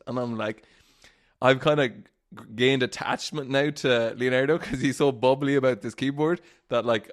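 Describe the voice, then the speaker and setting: A young man hosting a solo podcast, telling stories in a rambling, casual way, swearing freely and laughing often. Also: mid-range voice. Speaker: podcast host.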